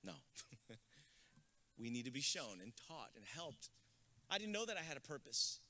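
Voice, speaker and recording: Bright-voiced man giving a rousing speech. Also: mid-range voice, very animated, moderate pace. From San Antonio, Texas. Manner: rousing, builds to shouted calls to the crowd; storytelling with jokes. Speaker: graduation guest speaker. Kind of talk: motivational speech.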